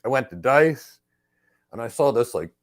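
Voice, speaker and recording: A middle-aged man hosts a live career Q&A and tells a story with plenty of emphasis. His pitch sits in a middle range and moves up and down a lot as he drives each point home. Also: moderate pace. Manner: emphatic, animated storyteller who acts out exchanges. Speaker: host and cloud career trainer.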